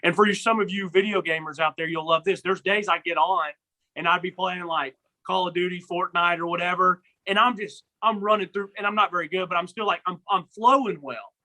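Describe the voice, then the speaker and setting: High, bright-voiced man rambling about sports. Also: rough recording. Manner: rambling, many restarts and repeated words. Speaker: podcast co-host. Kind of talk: casual sports chat.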